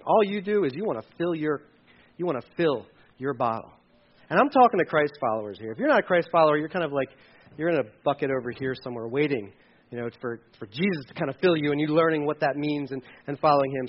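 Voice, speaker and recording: High-voiced preacher with sweeping dynamics. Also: male voice, muffled recording. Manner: dynamic, swings from loud high emphasis to quiet low asides; acts out quoted voices of churchgoers. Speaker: pastor. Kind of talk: sermon. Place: church.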